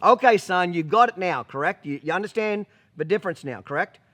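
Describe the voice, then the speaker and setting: Brief: a man playing a dry, no-nonsense dad, a touch high, matter-of-fact. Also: lively intonation, fairly quick, a bit bright. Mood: deadpan. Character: blunt no-nonsense middle-aged father.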